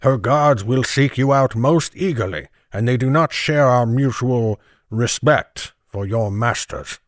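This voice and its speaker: A man reading the part of a stern town constable in an audiobook, speaking in a grave, measured way. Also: medium pitch, no echo, studio quality, close to an everyday voice. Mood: hushed earnest. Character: stern middle-aged male town constable.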